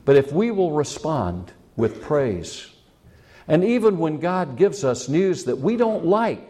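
A man's voice: a little high, a little mellow. A man preaching a sermon as pastor, building up with rising questions and impassioned appeals.

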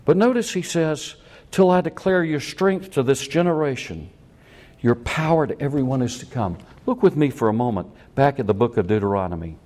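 An older man, a pastor, preaching a sermon in an animated way that acts out the quotes he tells. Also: medium pitch, moderate pace.

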